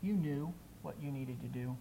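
A male preacher voicing Jesus as a sorrowful, gentle judge, speaking softly and gravely during a dramatic poem recitation in a sermon. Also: mid-range voice, close to an everyday voice, poor audio. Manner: soft, grave and measured.

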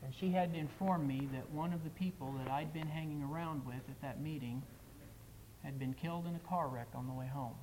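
An earnest male preacher delivers a sermon with emphasis. His voice sits somewhat higher than most men's. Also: a little fast, darkish tone, slight background noise, rough recording.

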